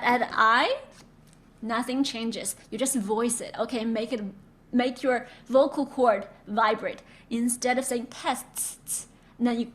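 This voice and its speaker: A woman from China teaching a Mandarin pronunciation lesson, drilling sounds slowly with repeated examples. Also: a little high, a bit bright. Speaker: Chinese language teacher.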